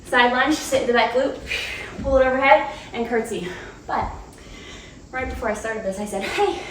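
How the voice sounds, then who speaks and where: Woman instructor leading a home workout, high voice, winded, chatty and upbeat; roomy, off-mic home recording. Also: far from the mic, noisy background. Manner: upbeat, chatty, laughs between cues. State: out of breath. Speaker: fitness instructor. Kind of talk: cueing a home cardio workout. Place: room at home.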